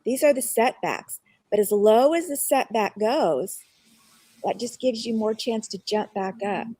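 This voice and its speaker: A woman's voice: fairly high pitch, measured pace, warm tone, no echo. Earnest woman telling a personal story. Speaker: guest. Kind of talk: casual chat on a live online show.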